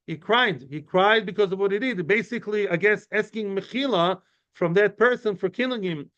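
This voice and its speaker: A man's voice: high-pitched, moderate pace, a bit bright. A man teaching an informal study class, explaining in a chatty way with many asides and answering students' questions. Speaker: Talmud teacher. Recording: muffled lo-fi recording.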